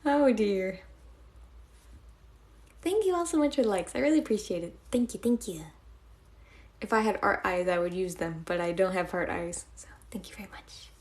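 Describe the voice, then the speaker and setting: A woman's voice: medium pitch, lively intonation, normal speed, long pauses, a little mellow. A young woman live-streaming, chatting casually and giggling as she thanks her viewers.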